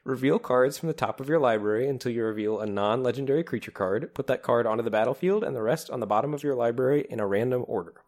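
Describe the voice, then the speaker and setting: A man co-hosting a podcast in casual chat, talking with enthusiasm and laughing easily. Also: medium pitch. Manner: enthusiastic, animated, quick to laugh. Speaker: podcast co-host. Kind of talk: casual chat about card-game strategy.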